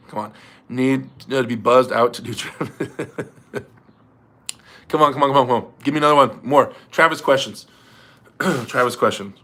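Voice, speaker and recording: A man's voice: medium pitch, pushed and bright. Joking man on a garage livestream. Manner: joking, reads out viewer messages. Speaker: livestream host. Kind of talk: casual livestream chat. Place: home garage.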